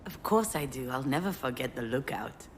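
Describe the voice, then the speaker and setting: A woman voicing a mother in a video game, telling a family memory in a warm storytelling manner. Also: extremely low pitch, a little fast, slight background noise. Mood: worried. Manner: warm storytelling, rising to excited cries. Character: tender mother remembering a family trip.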